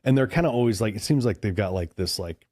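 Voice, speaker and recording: A man's voice: fairly low pitch, expressive, fast talker, darkish tone, dry recording, studio quality. A man from Chicago, a podcast guest, telling a long story in a loose, rambling way, full of "like" and "dude". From Chicago, USA. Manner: rambling, heavy use of "like" and "dude". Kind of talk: casual storytelling.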